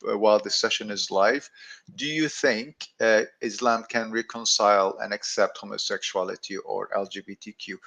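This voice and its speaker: Presenter: methodical man, gravelly voice, muffled lo-fi call audio. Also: medium pitch, a bit bright. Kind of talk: live online presentation.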